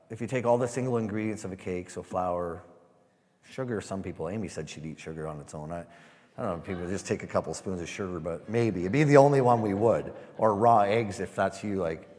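A man giving a sermon testimony, halting and repeating words as he speaks to a church. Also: deep voice, a little mellow, in a large hall. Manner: halting, repeats words, asks the room "Amen?".

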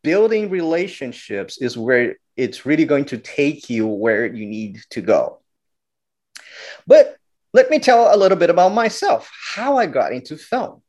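Animated filmmaker. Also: male voice, on the high side, a little slow. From Brazil. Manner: animated, acts out quotes, many restarts. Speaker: guest filmmaker. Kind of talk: storytelling interview talk.

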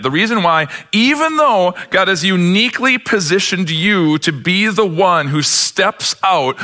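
Pastor guy preaching, bright forceful voice, gets fired up and acts out the bible people. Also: sits high. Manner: impassioned preaching, voicing biblical characters. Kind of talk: sermon.

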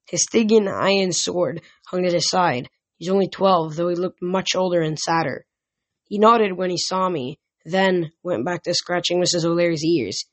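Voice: medium pitch, no echo. Casual audiobook reader. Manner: casual reading with small slips and restarts. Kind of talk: first-person novel narration.

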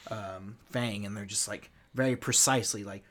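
A man's voice: on the low side, steady tone, normal speed, fairly bright tone. A man running a tabletop game, narrating loosely with lots of fillers. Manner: loose, laughing, full of fillers. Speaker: game master.

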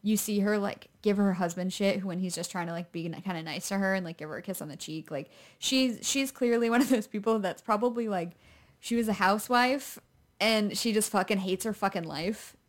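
A young woman co-hosting a casual chat about a film, chatty and animated with frequent laughter. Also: medium pitch, fairly quick. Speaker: podcast co-host.

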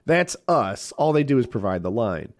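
A man's voice: mid-range voice, big pitch swings, moderate pace. A man co-hosting a casual podcast chat, rambling a little and searching for words. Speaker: podcast co-host.

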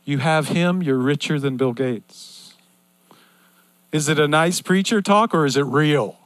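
An older man preaching a sermon in an earnest, repetitive cadence that swings between loud and hushed. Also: on the high side, unhurried, dry recording.

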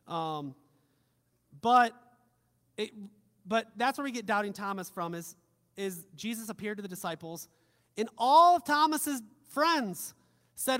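A fairly high-voiced man preaches, his volume rising to emphatic peaks and falling to gentle, soft moments. Joking asides come casually, as from a pastor to his own flock, and a big hall's long reverb surrounds his words.

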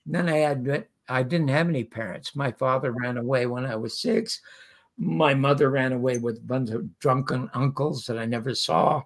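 A man's voice: mid-range voice, normal speed, creaky. An older man from Canada, an interview guest telling a long anecdote and acting out the voices of the people in it. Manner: lively storyteller who acts out quoted voices. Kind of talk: anecdotal storytelling.

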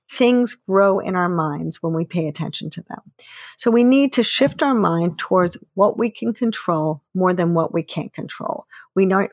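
A woman hosting a podcast, explaining calmly and encouragingly with everyday examples. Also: medium pitch, dry recording, studio quality. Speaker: podcast host and author.

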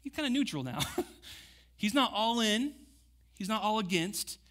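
Bright-voiced, animated young male preacher. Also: sits high, a little slow. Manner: conversational, animated, acts out quotes with slang asides. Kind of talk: casual sermon.

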